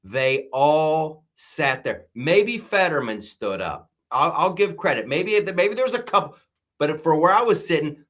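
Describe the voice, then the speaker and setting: A male comedian hosts an unplanned live stream and talks in a casual, excitable riff full of fillers. His voice is bright and forward, and his pitch is mid-range for a man. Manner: excitable, riffing, with frequent fillers.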